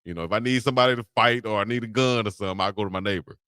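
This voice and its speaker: A man's voice: lowish voice, very fast, bright, forceful tone, smooth, no room sound, studio quality. A man co-hosting a casual live-stream show, joking and laughing as he talks. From Alabama. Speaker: co-host.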